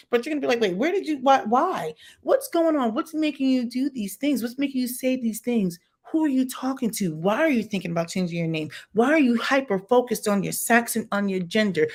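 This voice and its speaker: A woman with a somewhat high voice gives blunt, opinionated reaction commentary on a livestream from a home setup. She speaks straight to her viewers with an emphatic, lively delivery.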